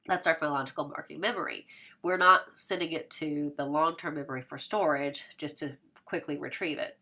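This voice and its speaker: A woman's voice: sits low, bright, forceful tone. A woman lecturing as an instructor, explaining step by step with frequent fillers and restarts, sometimes spelling out words letter by letter. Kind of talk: recorded lecture.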